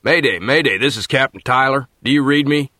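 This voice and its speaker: A man's voice: mid-range voice, a little fast, pushed and bright, no echo, clean studio sound, pitched above the performer's own voice. A man reading an audiobook, voicing a young army captain calling in an ambush over the radio in a clipped, urgent way. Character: young male army captain under fire.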